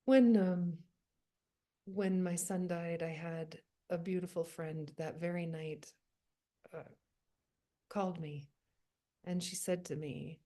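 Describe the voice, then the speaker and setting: A woman leading an online poetry workshop over a video call. She speaks softly and reflectively and reads short lines aloud one after another. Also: fairly low pitch, fairly even intonation. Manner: soft, unhurried and reflective. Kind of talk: gentle writing-workshop facilitation.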